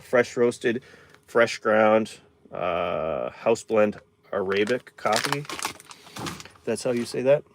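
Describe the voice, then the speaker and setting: A man live streaming from inside his camper van, chatting casually and rambling while reading viewer comments aloud. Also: on the low side.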